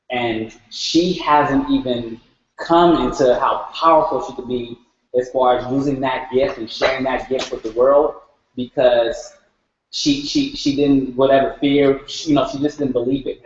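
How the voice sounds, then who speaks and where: A man's voice: medium pitch, a little hiss or hum. A man talking earnestly in a group share, searching for words and repeating himself. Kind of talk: heartfelt group sharing. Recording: echoey room, dull sound.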